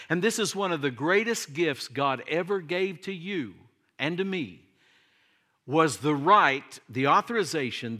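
A man's voice: medium pitch, sharp tone. A middle-aged man preaching a sermon to his congregation in a conversational way, full of questions and light humor. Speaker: pastor.

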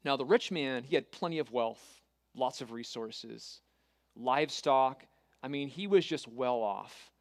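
A man preaching a sermon, retelling a scripture story with earnest, dramatic pauses and reading scripture aloud. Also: medium pitch, lively intonation, no echo, studio quality.

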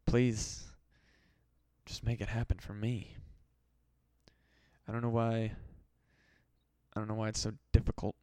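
A man's voice: lowish voice, completely flat delivery, unhurried, pauses often, darkish tone, clean tone, no echo. A man hosting a solo podcast, rambling and swearing with mock-desperate pleading. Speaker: podcast host. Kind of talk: casual solo podcast rant.

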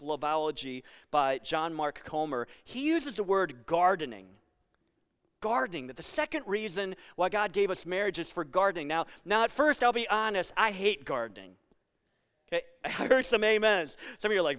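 High, smooth-voiced pastor preaching. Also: male voice, fairly bright tone. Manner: conversational and jokey, building to emphatic points. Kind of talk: sermon.

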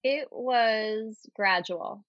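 An earnest woman guest speaks in a slightly high voice, recounting her experience in a relaxed, conversational way and acting out the voices she remembers. The sound is dry and a little dull and lo-fi. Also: very slow, no room sound. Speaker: podcast guest. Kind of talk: candid conversational storytelling.

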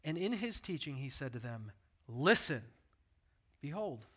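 A man preaching a sermon, telling the story in a conversational, animated way and voicing the people in it. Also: medium pitch, a little fast. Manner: animated storyteller, voices the people in his stories. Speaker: pastor.

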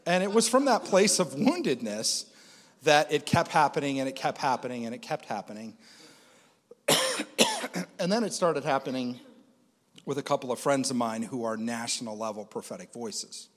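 A man's voice: mid-range voice, moderate pace, pauses often. Man telling a testimony, hall reverb. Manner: conversational, with frequent fillers. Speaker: Christian speaker. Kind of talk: personal testimony.

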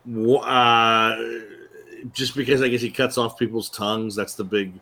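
A man's voice: mid-range voice, fairly even intonation, measured pace, bright, forceful tone. A man co-hosting a podcast, joking crudely in casual chat. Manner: crude, joking, laughs a lot. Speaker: podcast co-host.

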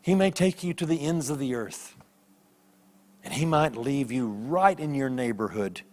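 A man preaching a sermon as a guest preacher, telling stories with lively voiced characters. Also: mid-range voice, a little slow. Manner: animated storytelling with voiced characters. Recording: long hall reverb.

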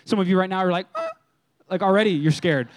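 High-voiced, animated male pastor preaching. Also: quick pace. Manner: animated, conversational preaching with acted-out quotes. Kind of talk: sermon.

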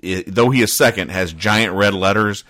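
Low bright-toned deadpan man. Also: moderate pace, dry recording. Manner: dry, rambling, stops and restarts. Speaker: comedy podcast host. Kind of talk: deadpan comic-strip commentary.

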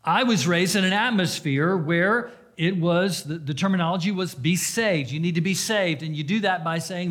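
A man preaching a sermon, sharing his own testimony earnestly, rising to loud emphasis and dropping to hushed, quiet passages. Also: high voice, expressive, moderate pace. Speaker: pastor.

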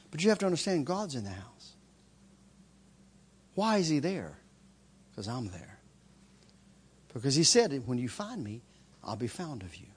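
A man preaching a sermon as a story, swinging from loud, excited shouts to hushed, intense lines. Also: a little high, husky.

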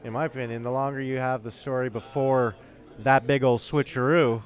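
A man guest on a podcast, high and rambling in laid-back casual chat on a patio. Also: fairly even intonation, normal speed, soft background music. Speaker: comedian guest. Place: outdoor patio of a comedy club.

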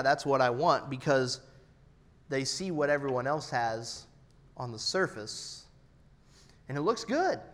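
A man in his thirties preaching an earnest, personal sermon, his loudness rising and falling for emphasis. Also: a little high. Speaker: pastor.

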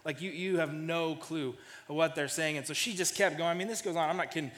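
A man's voice: fairly high pitch, brisk, fairly bright tone. Man preaching casually in a reverberant hall. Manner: casual storytelling, repeats starting words. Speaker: pastor. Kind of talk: sermon.

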